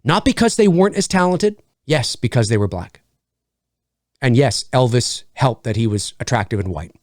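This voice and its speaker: Animated, profane man reviewing a film. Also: mid-range voice, moderate pace, dry recording, studio quality. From Canada. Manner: animated, profane, voices imagined critics. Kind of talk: casual opinion monologue.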